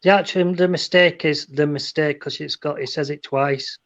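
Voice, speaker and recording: A man's voice: on the high side, steady tone, normal speed, a bit bright, highs cut off. A man telling rambling jokes and stories in a casual chat, often restarting his sentences. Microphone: phone.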